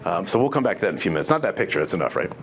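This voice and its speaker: A man's voice: low voice, big pitch swings, very fast, slight background noise. Earnest man giving a testimony. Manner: earnest, conversational, with many restarts and quoted dialogue. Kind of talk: testimony talk to an audience.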